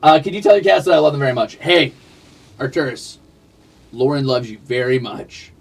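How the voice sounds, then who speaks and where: A man's voice: medium pitch, lively intonation, moderate pace, creaky, distant mic. A man streaming a game, rambling casually and chatting with his viewers. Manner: rambling, chatty, talks to his cats and chat. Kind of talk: casual livestream chat while playing.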